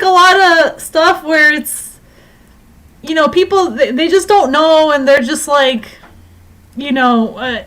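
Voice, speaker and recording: A high-voiced woman chatting on a podcast. She rambles with lots of fillers and laughs often. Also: fairly bright tone. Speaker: podcast co-host. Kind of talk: casual podcast chat.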